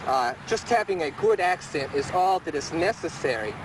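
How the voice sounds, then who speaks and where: A man's voice: a little high, expressive, normal speed, lightly acted. A man playing an eccentric cabbage tycoon who puts on a fake German accent and talks in a pompous, self-important way, in an amateur 1970s mockumentary. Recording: distant, noisy 1970s field recording.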